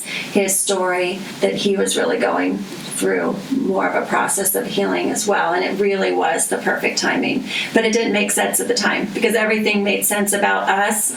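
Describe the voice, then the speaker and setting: A woman's voice: mid-range voice, creaky. A woman guest thoughtfully reflecting on her story in an interview. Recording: echoey, distant, faint noise.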